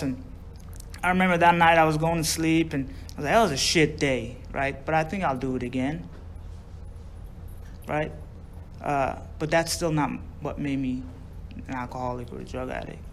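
A man's voice: fairly high pitch, a little hiss or hum. A man telling a personal recovery story in a rambling, profane way, with many fillers and chuckles. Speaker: speaker sharing a recovery story.

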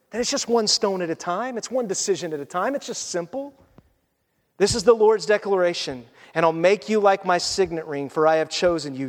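High-voiced pastor preaching in a hall. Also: male voice. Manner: animated storytelling, scripture reading, hushed appeals. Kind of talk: sermon. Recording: hall reverb.

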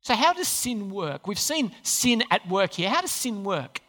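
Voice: mid-range voice, big pitch swings, a little slow, few pauses, a bit bright. A preacher giving a sermon, telling a story with rhetorical questions and acted-out quotes. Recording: long hall reverb.

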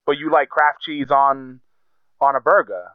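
A man's voice: medium pitch, measured pace, clear, resonant tone, dry recording. A man in casual podcast chat, swearing freely and restarting his sentences. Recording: tinny phone-like sound.

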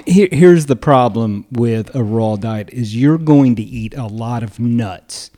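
Mellow-voiced male podcast co-host. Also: mid-range voice, measured pace. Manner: playful, laughs often, jokey asides. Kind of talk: casual chat.

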